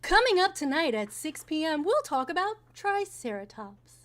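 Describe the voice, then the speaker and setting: Woman doing a news anchor voice, perky, high-pitched, slow announcer pacing. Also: big pitch swings. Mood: newsy. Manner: slow, bright announcer delivery.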